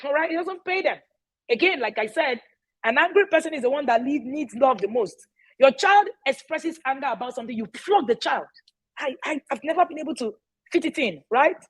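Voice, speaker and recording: Woman, high voice, emphatic, repeats key phrases, casual talk to parents. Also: poor audio. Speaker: parenting educator.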